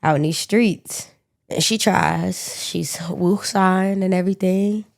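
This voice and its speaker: A woman's voice: fairly low pitch, slow pace, gravelly. A woman co-hosting a podcast, telling a true-crime story in a casual, slangy, profane way with joking asides. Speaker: podcast co-host.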